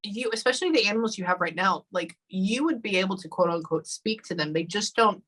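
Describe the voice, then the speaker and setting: A woman's voice: mid-range voice, fairly bright tone, poor audio. A woman working as a psychic medium during a live reading session, often stopping to say hold on and um. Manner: halting, often pausing with hold on and um.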